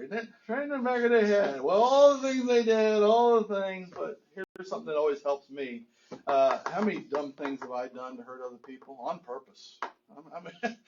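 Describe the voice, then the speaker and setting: Earnest preaching pastor, slightly high voice. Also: male voice, a little mellow, dull audio, slight background noise. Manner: earnest, rhetorical questions, chuckles often. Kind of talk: sermon. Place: church sanctuary.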